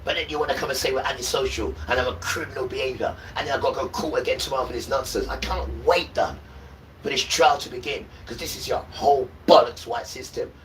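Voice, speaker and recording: Man preaching on a stream, bright voice, sounds a bit far from the mic w/ faint background hum. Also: medium pitch, fairly even intonation, quick pace. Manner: preachy, repeats "right?" to viewers. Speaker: livestreamer. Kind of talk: ranting livestream monologue.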